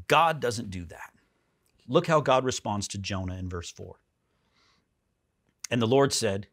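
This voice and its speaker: A pastor preaching a sermon in a church, animated, jumping up high for emphasis and dropping soft. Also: male voice.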